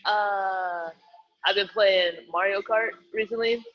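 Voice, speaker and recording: Upbeat high-voiced male fitness coach. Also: unhurried, highs cut off, faint music behind. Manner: upbeat, joking while cueing exercises. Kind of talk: live online workout coaching.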